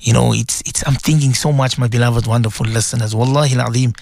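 A man hosts a call-in radio show in the role of a Muslim cleric, reading listener messages aloud in a heartfelt, repetitive way. His medium-pitched voice is steady in tone, fast, creaky and a little mellow. The recording is dry, and the talk is emotional.

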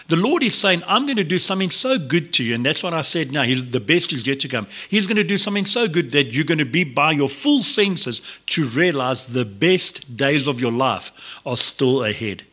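A man gives a devotional talk on the radio. His voice is bright and forceful. He speaks earnestly and conversationally, often restarting his sentences and stopping for asides. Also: mid-range voice. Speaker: radio presenter.

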